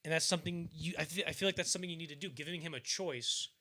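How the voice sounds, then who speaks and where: A bright-voiced young man co-hosts a podcast, chatting casually about films. His fairly high voice races along as he rambles, leans heavily on fillers, and acts out bits of scenes in mock voices.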